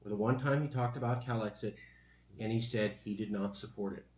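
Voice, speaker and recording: A man hosting a casual panel discussion, talking in an animated way with mocking asides. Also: fairly low pitch, brisk, roomy sound. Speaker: podcast host.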